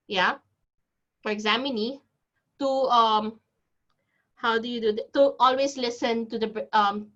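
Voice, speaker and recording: A woman with a Filipino accent gives an online lecture in a fairly high voice, repeating points and restarting sentences as she explains. The sound is dull and lo-fi, as heard over a video call. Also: fairly bright tone. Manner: repetitive, explanatory, frequent restarts. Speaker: English test teacher.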